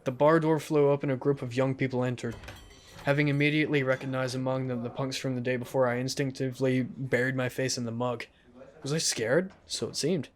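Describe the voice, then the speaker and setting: A man hosting a let's play, reading a visual novel aloud and adding joking, self-deprecating asides. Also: medium pitch.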